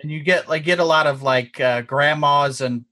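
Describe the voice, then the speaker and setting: A man's voice: fairly high pitch, moderate pace, sharp tone. A male comedian as a podcast guest, chatting in a loose, rambling way and laughing often. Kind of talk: casual interview.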